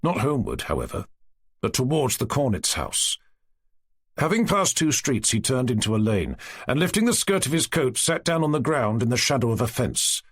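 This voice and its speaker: A man narrating a classic novel as an audiobook in an expressive storytelling manner. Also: mid-range voice, normal speed, husky, no echo, clean studio sound. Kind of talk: scripted narration.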